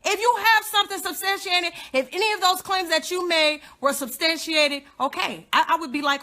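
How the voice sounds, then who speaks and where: A young woman ranting on a live social media stream with a high, sharp, bright voice. She is emphatic and confrontational and hammers her points again and again. Her delivery swings from loud outbursts down to low, muttered asides. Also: normal speed, few pauses. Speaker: godmother and activist livestreamer.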